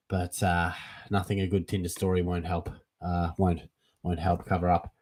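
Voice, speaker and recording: A young Australian man hosting a casual live Q&A for a fantasy football stream, chatty and relaxed, calling everyone mate. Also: fairly low pitch, unhurried, pauses often. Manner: laid-back and chatty, calls everyone mate. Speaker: fantasy football livestream host. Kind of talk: casual live Q&A, reading chat questions.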